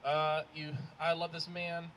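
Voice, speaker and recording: A man's voice: a little high, completely flat delivery, a little slow, a bit bright, a little hiss or hum. A young man hosting a comedy show outdoors, hyped and loose as he introduces the comedians. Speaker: emcee. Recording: outdoor recording with crowd.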